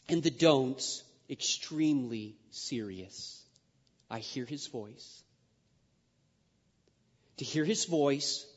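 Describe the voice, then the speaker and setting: A man preaching a sermon, swinging between loud emphatic declarations and quiet, intimate asides and repeating key phrases for weight. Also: a little high, husky. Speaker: pastor. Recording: long reverb, dull lo-fi sound.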